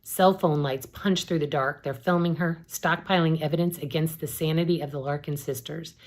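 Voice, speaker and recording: A woman, an English professor, reading a novel aloud in a steady, measured narration. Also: low-pitched.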